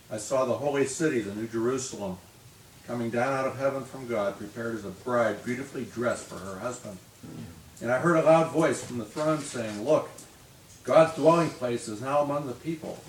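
A man from the congregation reading scripture aloud in a steady, measured way. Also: mid-range voice, slight background noise. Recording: echoey room, distant mic, faint ambience.

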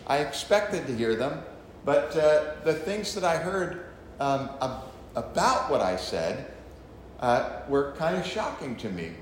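A man's voice: fairly high pitch, a little hiss or hum. Chatty pastor man in a very echoey room. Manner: chatty, joking asides to the audience. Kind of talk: conversational Bible teaching.

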